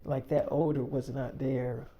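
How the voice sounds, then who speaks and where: A man's voice: mid-range voice, flat delivery, unhurried, highs cut off. A young man telling a story casually, rambling with lots of fillers and swearing.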